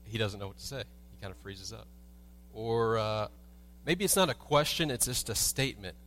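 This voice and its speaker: A man's voice: fairly low pitch, moderate pace, a bit bright, a little hiss or hum. A man preaching a sermon as a pastor in a church, telling everyday stories with humor and asking the congregation rhetorical questions. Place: church sanctuary.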